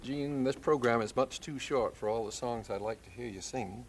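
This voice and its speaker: A middle-aged man hosting a casual 1960s television folk music chat. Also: mid-range voice. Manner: slow, easygoing, breaks into song. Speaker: host. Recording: faint background noise, 1960s TV broadcast.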